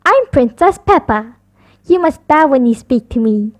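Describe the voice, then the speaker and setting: A woman's voice: high-pitched, expressive, a little slow, no room sound, clean studio sound. A woman voicing a proud, bossy little girl piglet from a picture storybook.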